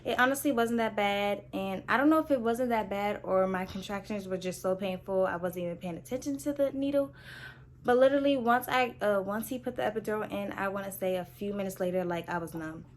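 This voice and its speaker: A woman's voice: mid-range voice, fairly even intonation, brisk, slight background noise. A young woman casually telling her own story to her viewers, candid and chatty, with lots of "like" and "so I'm like". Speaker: vlogger.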